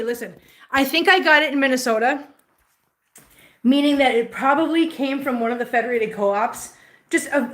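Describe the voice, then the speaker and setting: A woman's voice: fairly high pitch, a bit bright, echoey room, far from the mic, a little hiss or hum. A woman vlog host chatting casually as she cleans at home, rambling along and cooing to her cats. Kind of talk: casual chat while cleaning. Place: home, indoors.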